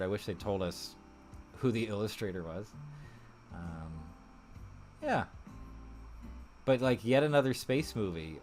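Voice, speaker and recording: A man hosting a casual live stream, chatting in a rambling way, thinking aloud with many fillers and frequent laughs. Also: fairly low pitch. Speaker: streamer host.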